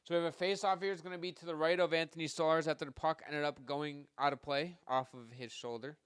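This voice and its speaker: Bright-voiced man calling hockey play-by-play. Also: on the high side, steady tone, clear, resonant tone, dry recording, clean studio sound. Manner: rapid play-by-play that jumps louder on shots and goals; chatty asides to listeners. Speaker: podcast host doing live play-by-play. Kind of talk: live hockey play-by-play commentary.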